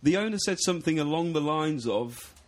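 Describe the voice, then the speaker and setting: A man's voice: a little high, lively intonation, fairly quick. A man telling an anecdote on a casual podcast, swearing freely and laughing as he goes. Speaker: podcast co-host. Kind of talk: casual storytelling chat. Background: faint music.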